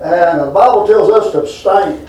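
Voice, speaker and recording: A man's voice: high-pitched, normal speed, darkish tone, recorded from a distance, a little hiss or hum. A middle-aged man preaching a folksy sermon to a responsive congregation. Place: church sanctuary. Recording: echoey church room.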